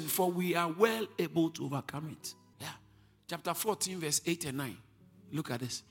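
Preaching man, husky, in a reverberant hall. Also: on the high side, lively intonation, normal speed. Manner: swings from quiet teaching to shouted declarations. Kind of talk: sermon. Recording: long hall reverb with faint music.

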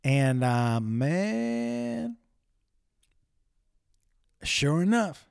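A man's voice: mid-range voice, animated, moderate pace, a little mellow. Man, solo podcast host, mid-range voice, rambling, crude, self-deprecating, casual storytelling.

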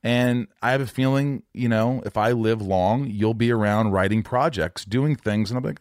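A man's voice: medium pitch, moderate pace, few pauses, darkish tone, dry recording, studio quality. A man in his forties hosting a casual interview at his home, joking and teasing his guests. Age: 40s. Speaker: podcast host. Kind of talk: casual chat.

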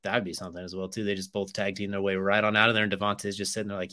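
A man's voice: lowish voice, flat delivery, rapid-fire, sharp tone. A young man co-hosting a sports podcast, rambling through casual chat and ad reads and tacking "as well, too" onto his sentences.

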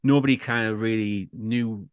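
Low british guy rambling on a podcast, lots of ums, dry close sound. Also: steady tone, moderate pace, clean tone, no echo. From Britain. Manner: rambling, lots of fillers and restarts. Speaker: podcast co-host. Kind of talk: casual chat.

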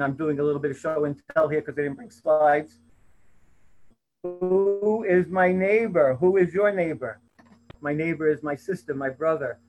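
A man giving an earnest, somewhat rushed talk on a video-call panel, raising his voice on quoted lines. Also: a little high, poor audio.

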